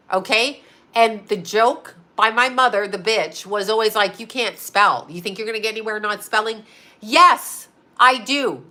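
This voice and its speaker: A middle-aged woman hosts a stream in a fired-up, profane monologue. She speaks with a slight lisp in a bright, forceful voice pitched a little high, and hammers her points by saying them again and again. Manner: blunt, profane, repeats herself for emphasis. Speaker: host. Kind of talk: ranting livestream monologue.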